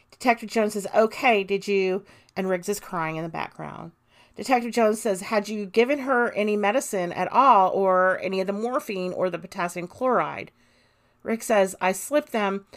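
A woman hosting a true crime podcast, reading an interrogation transcript aloud and adding her own comments. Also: medium pitch. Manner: reads quoted interrogation lines plainly, adds commentary. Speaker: podcast host.

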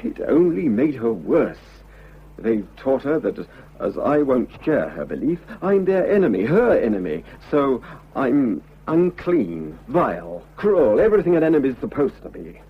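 An actor playing an unhappily married man who confesses his love, earnest and halting, in a vintage radio drama. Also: mid-range voice, big pitch swings, breathy edge, heavily acted. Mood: earnest pleading. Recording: dull lo-fi old radio recording.

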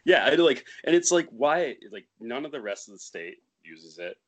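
A young man in casual podcast chat, a guest from a band, relaxed and quick to laugh, with some swearing. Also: mid-range voice. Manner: laid-back, swearing, laughs often.

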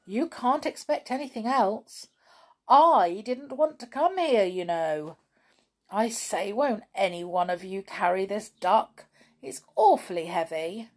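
A woman voicing an excitable young male pixie in a children's storybook reading, with urgent, dramatic exclamations. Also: mid-range voice, slow pace. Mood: glum.

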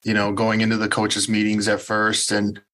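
A man's voice: fairly low pitch, completely flat delivery, moderate pace, sharp tone. A man hosting an interview, asking questions conversationally and giving brief backchannels. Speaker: podcast host.

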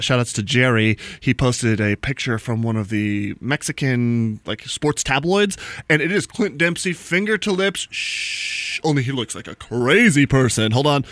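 A man hosting a casual soccer podcast, talking in a joking, animated, rambling way. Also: mid-range voice, no room sound. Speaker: podcast host. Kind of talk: casual sports chat. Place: small studio room.

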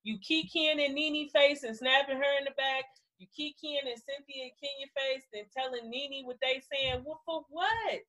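A woman's voice: high voice, normal speed, sharp tone, poor audio. A young adult woman co-hosting a casual podcast, recapping reality TV bluntly and profanely, laughing often. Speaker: podcast co-host.

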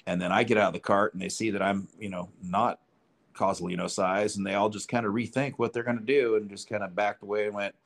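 Low-voiced man telling golf stories. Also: little pitch movement, brisk. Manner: rambling, profane anecdotes, acts out quotes. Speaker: podcast co-host. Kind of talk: casual chat, storytelling.

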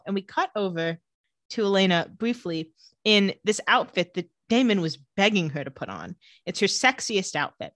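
On a podcast, a woman co-host casually recaps a TV episode, playfully voicing the characters' lines. Her mid-range voice has a sing-song lilt, a normal pace, and a slightly bright quality, and the recording is dry.

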